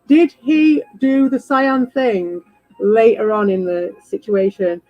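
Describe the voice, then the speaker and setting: A woman streamer in a casual ranting chat, animated, swearing freely and repeating herself. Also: on the high side, slow pace, no echo, muffled recording, soft background music. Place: home.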